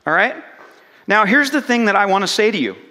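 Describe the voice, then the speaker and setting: A man with a high, bright voice preaching a sermon, acting out quoted lines as he tells the story. He keeps asking the congregation questions. His voice rings with the long reverb of a hall. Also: expressive, brisk. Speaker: pastor.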